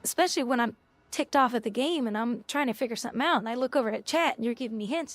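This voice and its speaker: A woman's voice: fairly high pitch, fairly quick. A woman game streamer talking casually to her chat, bluntly scolding viewers and swearing now and then.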